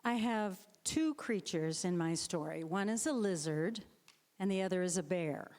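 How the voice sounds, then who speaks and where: Animated female storyteller for children, in a reverberant sanctuary. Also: lowish voice, normal speed. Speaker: storyteller, board president. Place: church sanctuary. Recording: long hall reverb.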